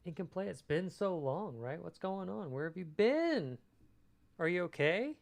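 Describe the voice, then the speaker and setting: A man's voice: high voice, sing-song, measured pace, gravelly. A man streaming his screenwriting work in casual chat, reading out viewers' messages and answering them thoughtfully. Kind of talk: casual livestream chat while writing.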